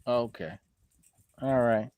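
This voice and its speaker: A man with a New York accent hosting a casual live stream, giving shout-outs to viewers and laughing often. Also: mid-range voice, slow pace, smooth, no echo. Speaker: host.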